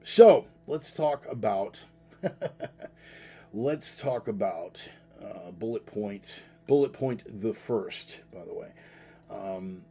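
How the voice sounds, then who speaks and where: A man's voice: fairly low pitch, mellow, highs cut off, a little hiss or hum. A man hosting a casual live show, talking bluntly and rambling, with frequent profanity. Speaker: podcast host. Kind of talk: casual livestream talk.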